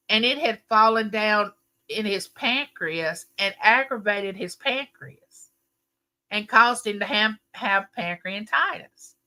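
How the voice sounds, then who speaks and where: A middle-aged woman, casually telling a long family story to her livestream audience. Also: medium pitch. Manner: animated, emphatic storyteller. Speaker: livestream host.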